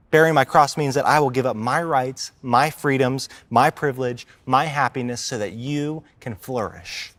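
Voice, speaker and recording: A man preaching a sermon as a church minister, talking casually and slowing down to stress key points. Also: mid-range voice, no room sound. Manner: conversational preaching, acts out quoted complainers, slows for emphasis. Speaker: life group minister preaching.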